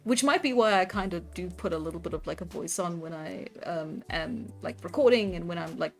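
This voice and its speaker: This streamer's voice is fairly low and fairly quick as she draws and chats casually with her audience. She reacts to chat and giggles often, while faint music plays underneath.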